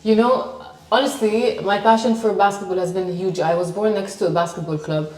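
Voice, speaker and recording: Speaking a little fast in a steady, medium-pitched voice with a darkish tone, a middle-aged Lebanese-accented woman recounts her life as a sports presenter with confidence during an interview. The room is echoey and the microphone is far off.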